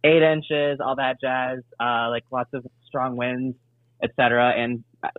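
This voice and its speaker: An easygoing young comedian from Indianapolis, chatting in a meandering way as a guest. He calls in over the phone, so he sounds tinny and dry, with a voice of middling pitch. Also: little pitch movement, a little slow, no echo. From Indianapolis, USA. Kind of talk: casual interview chat. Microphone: phone call.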